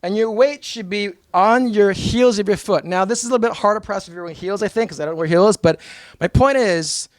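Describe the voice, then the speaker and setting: Energetic high-voiced American man speaking. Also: brisk, no room sound. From New York. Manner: energetic, blunt and emphatic, with mock voices. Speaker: motivational speaker. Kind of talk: live seminar talk to an audience.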